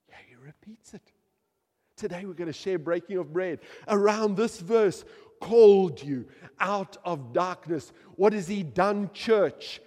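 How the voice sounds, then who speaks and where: A man preaching a passionate sermon, swinging from loud outbursts to hushed asides. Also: high voice, slow pace, in a large hall. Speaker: pastor.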